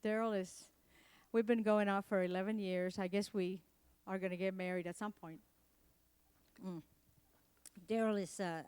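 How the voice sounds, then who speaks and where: Animated middle-aged woman giving a comedic keynote. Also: medium pitch, clean tone. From Latin America. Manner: animated storytelling, acts out quotes. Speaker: keynote speaker.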